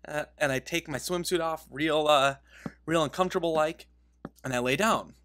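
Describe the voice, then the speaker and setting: A man's voice: on the high side, moderate pace, fairly bright tone, slight background noise. A man giving casual gaming commentary, rambling through a story and interrupting himself, laughing at his own telling. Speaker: game video creator.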